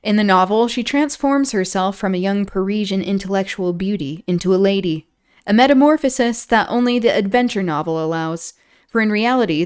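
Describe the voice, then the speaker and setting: A streamer reads a book's introduction aloud in a smooth, clear voice. She sometimes stumbles over a word and starts it again. Now and then she stops to add a casual, chatty comment of her own. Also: mid-range voice. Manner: stumbles and restarts on words, laughs at own slips. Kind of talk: reading aloud with casual asides. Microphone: streaming setup.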